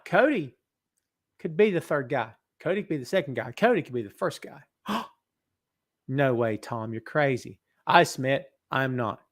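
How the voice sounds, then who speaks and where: A man with a slightly high, somewhat bright voice hosts a live wrestling talk show from his office, speaking into a podcast mic. He jokes around and reads viewer comments aloud during the live-stream chat.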